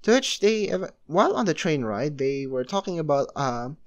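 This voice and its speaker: A young man narrating a homemade fan story in a loose, rambling way, full of fillers and restarts. His voice sits somewhat high for a man. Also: big pitch swings, moderate pace. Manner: rambling, heavy filler use.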